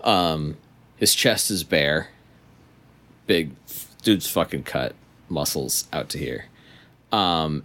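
A young man narrates a tabletop role-playing scene as game master. His voice sits very low, and he talks slowly. He pauses often and fills the gaps with ums. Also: animated, fairly bright tone. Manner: slow, hesitant narration with many ums.

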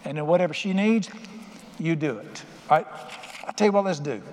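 In a reverberant church sanctuary with faint ambience and slight background noise, an older pastor preaches fairly quickly. His voice is fairly high and a little mellow, and his folksy, conversational sermon includes quotes acted out in plain voices.

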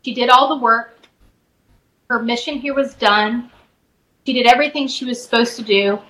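A middle-aged woman, a spiritual advisor guest, softly and reflectively telling a personal story in a podcast interview, with many fillers and restarts. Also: fairly high pitch, normal speed, low-quality recording.

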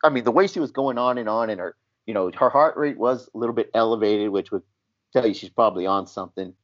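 A man's voice: on the low side, fast. A man who used to be a paramedic, chatting casually and telling a story animatedly, acting out the voices in it. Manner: animated, acts out voices in his stories. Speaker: former paramedic telling stories. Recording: dull lo-fi audio.

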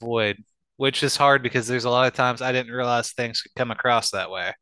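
Joking man with a bright voice. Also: medium pitch, steady tone, a little fast, clean tone, no echo. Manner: joking, swears often, acts out quoted banter. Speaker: guest. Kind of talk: casual chat.

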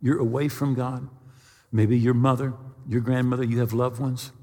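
Husky-voiced preacher in a reverberant hall. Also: male voice, medium pitch, flat delivery, a little mellow. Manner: storytelling with dramatic slowdowns and stammered restarts. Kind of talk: sermon.

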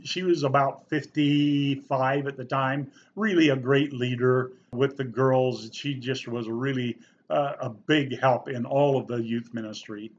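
A man's voice: mid-range voice, measured pace, hardly any pauses. A middle-aged man, a former youth pastor, telling a personal story in an earnest, folksy way. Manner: folksy, earnest, animated when quoting people. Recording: slightly dull, faint background noise.

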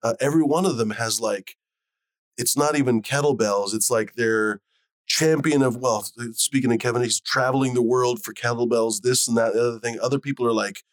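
A man talks in relaxed, rambling chat and swears now and then. His voice sits in the middle of the range, and the sound is close and dry. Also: mid-range voice, brisk, no echo. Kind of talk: casual chat.

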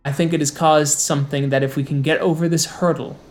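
A player voicing a legendary male werewolf king with an Irish accent, speaking loudly and declaring each point slowly to a gathered council. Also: medium pitch, steady tone, soft background music, lightly acted. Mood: impassioned. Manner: loud, declamatory, slow emphatic phrasing. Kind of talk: in-character roleplay speech.

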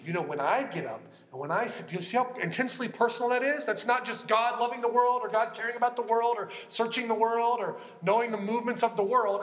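A man preaching a sermon in an earnest, conversational way, often dropping to a hushed voice for emphasis. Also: high voice, quick pace, few pauses, echoey room.

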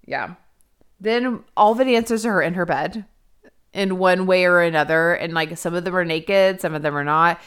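A podcast co-host with a smooth, lowish voice at normal speed talks casually and frankly about a movie. She swears freely and says "like" a lot in this relaxed review chat.

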